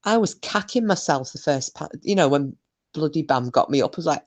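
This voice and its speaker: A woman's voice: low-pitched, expressive, brisk, darkish tone. A middle-aged woman, hosting a casual livestream, reading chat messages aloud and trading cheeky, bawdy banter. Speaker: live stream host reading chat.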